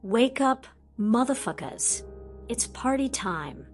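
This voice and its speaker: A woman's voice: on the high side, a little slow, soft background music, lightly acted. A woman voicing a reckless teenage boy wizard bent on revenge, brash and foul-mouthed, in an audiobook. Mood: rowdy.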